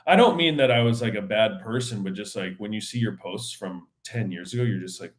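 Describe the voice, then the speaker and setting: Guy doing a solo podcast, kinda low voice, rambly and slangy, lots of ums and restarts. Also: animated, moderate pace. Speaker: podcast host. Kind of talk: casual solo chat.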